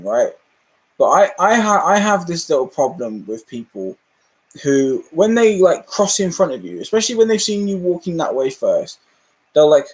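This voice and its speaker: A man with a high, bouncy voice that swoops all over the place as he rants on a livestream. He laughs often and swears freely, his tone jumping between exasperation and amusement. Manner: animated ranting, laughing and swearing. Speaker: livestream host. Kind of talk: casual livestream chat.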